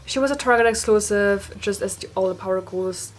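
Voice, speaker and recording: A woman's voice: mid-range voice, a little fast. A young woman gushing and swearing casually as she reviews dolls in a casual vlog. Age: young adult. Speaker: doll collector vlogger.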